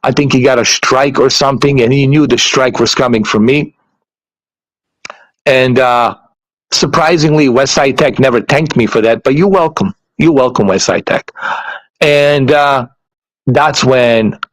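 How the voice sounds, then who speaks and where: A man's voice: medium pitch, measured pace, no room sound, low-quality recording. Man, casual rant; swears freely, keeps repeating himself, mid-range voice, dry sound. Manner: animated, profane, repeats himself. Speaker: YouTuber. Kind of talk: casual ranting monologue.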